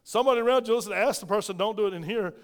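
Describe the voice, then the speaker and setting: A man's voice: high-pitched, very fast. A man preaching a sermon as pastor, emphatic and questioning his congregation. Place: church. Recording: reverberant church hall.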